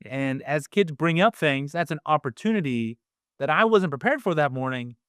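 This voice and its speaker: A man in his thirties talks as a podcast guest, musing slowly with lots of hesitant fillers. His voice is smooth and clear and a little high for a man. The sound is dry and close-miked. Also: expressive, fairly bright tone, dry recording. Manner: reflective with many fillers, acts out his kids' voices. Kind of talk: casual conversational interview.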